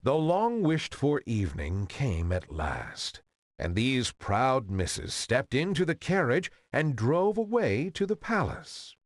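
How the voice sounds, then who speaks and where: A man reads an old fairy tale aloud in an old-fashioned, expressive style. His pace is slow and his pitch moves widely. The recording sounds dry and close. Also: dry recording. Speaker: narrator. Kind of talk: storybook reading.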